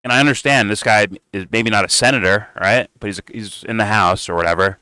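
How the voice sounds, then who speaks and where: A man's voice: fairly low pitch, fairly quick, pushed and bright, clean tone, no room sound, poor audio. A man giving heated, profane commentary while reacting to political clips.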